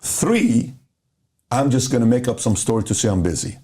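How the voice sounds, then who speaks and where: A man talks through a motivational point in a casual podcast chat. His voice is mellow and warm at an ordinary middle pitch. He tells it like a story and lays out each point in turn, one, two, three. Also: sing-song, moderate pace. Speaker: podcast host.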